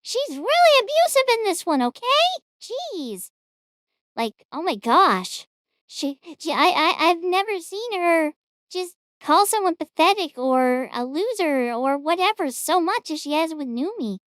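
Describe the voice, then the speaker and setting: A woman's voice: high-pitched, lively intonation, unhurried, a bit bright, dry recording, clean studio sound. A woman hosting a reaction stream, commenting in a chatty, rambling, amused way.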